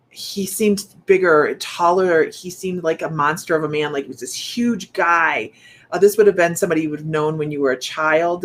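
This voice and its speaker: Soft-spoken woman medium, halting. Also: sits low. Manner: soft, halting delivery with many restarts; speaks straight to viewers. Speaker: psychic medium. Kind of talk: live-streamed psychic reading.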